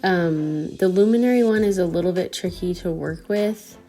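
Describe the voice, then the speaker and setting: A woman's voice: on the low side, moderate pace, warm tone, soft background music. A woman at home explaining how to apply her nails in a casual, chatty how-to voice. She is slightly out of breath and fills her talk with "um" and "like". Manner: chatty, friendly, instructional, with "um" and "like". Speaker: home nail tutorial host.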